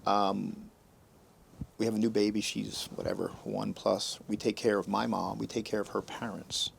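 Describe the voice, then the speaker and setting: A man hosting a podcast, telling personal stories in a casual, animated way and acting out what others said. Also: fairly low pitch, moderate pace, creaky, slight background noise. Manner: animated storyteller, acts out quotes in raised voices. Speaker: podcast host.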